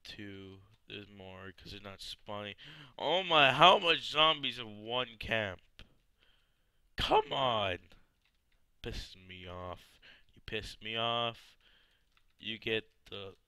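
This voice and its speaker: A man gives excitable let's play commentary on his gameplay, swearing and yelling at the zombies. His lowish voice is smooth, and he takes it slowly.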